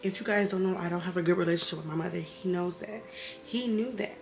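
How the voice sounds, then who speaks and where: A woman's voice: lowish voice, fast talker, gravelly, reverberant, soft background music. A woman, a bit tipsy, talking candidly and emotionally in a personal vlog about hard times, rambling and sometimes getting heated. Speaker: vlogger, single mother.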